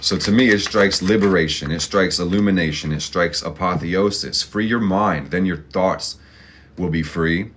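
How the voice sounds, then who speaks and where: Deep-voiced and a bit bright, this man speaks at a moderate pace over a little hiss or hum. As host of an astrology and tarot channel, he delivers a casual, motivational tarot reading in a blunt pep-talk style packed with slang and profanity.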